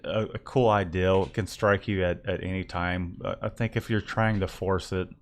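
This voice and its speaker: A man's voice: low voice, steady tone, moderate pace. A young man co-hosting a casual live stream about his print shop, often stumbling and repeating words as he starts a thought. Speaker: co-host of a live business show.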